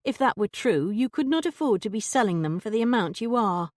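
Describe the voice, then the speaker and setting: This studio-quality take, free of room sound, has a woman playing a shrewd young lady detective grilling a suspect with poised but pointed politeness. She speaks a little fast and expressively, on the high side, pitched above her own voice, and the mood is pressing.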